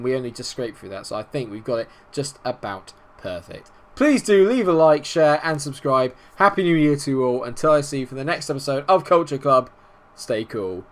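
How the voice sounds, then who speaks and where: A young man casually commenting on his football management game, getting excitable and shouting at big moments. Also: medium pitch. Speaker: gaming YouTuber.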